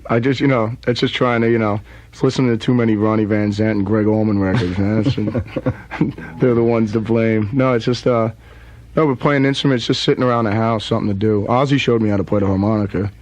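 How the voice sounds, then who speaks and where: A man's voice: lowish voice, fairly even intonation, brisk, a little mellow, rough recording. A man from New Jersey with a Southern-tinged accent, talking as a guest in a casual radio interview in a laid-back, rambling way. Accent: Southern-tinged American. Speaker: guest rock musician. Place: radio studio.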